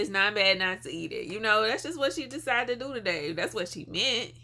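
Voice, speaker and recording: A woman's voice: medium pitch, expressive, brisk, background noise. A woman hosting a reaction video, chatting in a laid-back way with lots of fillers. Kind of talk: casual reaction commentary.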